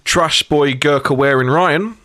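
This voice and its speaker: A man's voice: on the high side, measured pace, pushed and bright, no echo, clean studio sound. A young man hosting a casual podcast, laughing and joking, with many ums and restarts. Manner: laughing, joking, hesitant with fillers. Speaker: podcast host.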